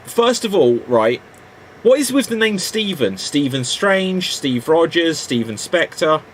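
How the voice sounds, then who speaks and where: A man with a British accent chatting casually on a panel, animated and rambling, often restarting his sentences. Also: fairly high pitch, unhurried, a little hiss or hum. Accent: British English. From Britain.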